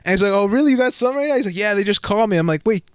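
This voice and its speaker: High-voiced man, quick slangy talk, dry close sound. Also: lively intonation, clean tone, dry recording. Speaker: podcast co-host. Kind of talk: casual chat.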